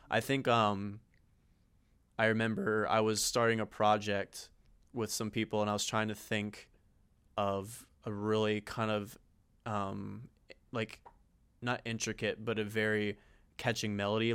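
Male co-host, low and even delivery, rambling casual talk. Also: clear, resonant tone, no echo. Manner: rambling, full of "like" fillers. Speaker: podcast co-host. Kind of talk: casual chat.

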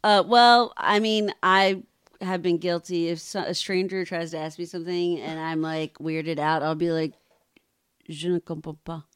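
A woman co-hosting a podcast, chatty and animated, quick to laugh. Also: fairly low pitch, smooth, dry recording. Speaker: podcast co-host. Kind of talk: casual podcast chat.

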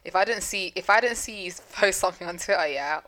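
A woman's voice: mid-range voice, quick pace, pushed and bright. A woman co-hosting a podcast, chatting and teasing, then telling a true-crime story. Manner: chatty, teasing, swears casually. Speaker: podcast co-host.

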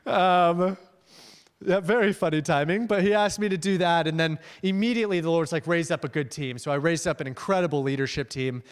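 A young man giving a casual, animated sermon as a guest missions leader. He shifts between emphatic high points and quiet asides, with fillers and restarts. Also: moderate pace, smooth. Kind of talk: conversational sermon. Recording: long hall reverb.

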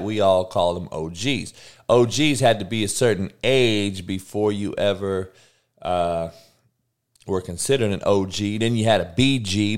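Profane slangy podcast host man. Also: fairly low pitch. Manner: profane, slangy, talks back to chat. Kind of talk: casual live-stream chat.

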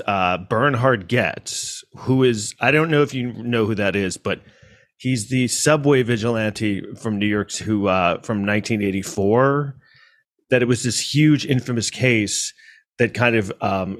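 A man's voice: lowish voice, fairly bright tone. A man from New York City telling a personal story in a casual monologue, rambling with restarts and asides.

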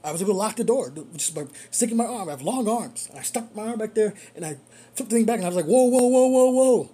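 A rideshare driver telling a story in casual monologue, animated and repeating phrases for emphasis. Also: medium pitch, fast, slightly rough.

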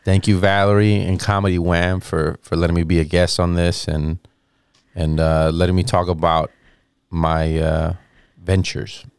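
A man in his thirties, a comedian guest, telling a rambling, animated story and acting out the voices of people in it. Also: sits low, unhurried, clean tone, no room sound, clean studio sound. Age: 30s. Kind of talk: casual storytelling anecdote.

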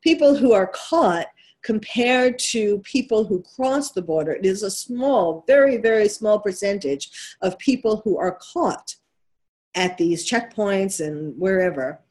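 A talk radio host, a woman whose New York accent colours her speech. She talks straight at her listeners in an emphatic monologue and keeps asking them rhetorical questions. Her voice sits at an ordinary middle pitch for a woman. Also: lively intonation, unhurried, a little mellow.

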